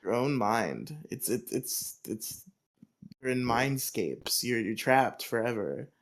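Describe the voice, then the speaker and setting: Casting: male podcast co-host, medium pitch, rambling and profane, riffing loosely in casual chat. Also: big pitch swings, takes it slowly.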